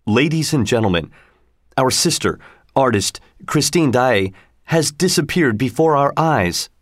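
A man's voice: mid-range voice, lively intonation, unhurried, no room sound, studio quality. A man voicing a male orchestra conductor who speaks in a sad, serious announcing tone. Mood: solemn.

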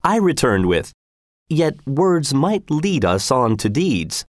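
A man's voice: medium pitch, very animated, takes it slowly, no room sound, studio quality, pitched above the performer's own voice. A man reading aloud, voicing an earnest patriot who recounts his visit with some self-satisfaction. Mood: recounting. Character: earnest, indignant male patriot envoy.

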